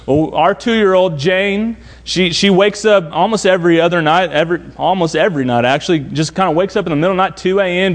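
A young adult pastor preaching a sermon with earnest repetition, rising on some lines and dropping low and soft on others. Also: male voice. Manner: earnest preaching with repetition, swinging between raised and hushed lines.

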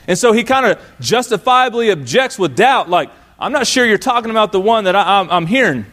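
A man preaching a sermon as pastor, lively and conversational, acting out the lines of Bible characters as he tells the story. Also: high voice, brisk, hardly any pauses.

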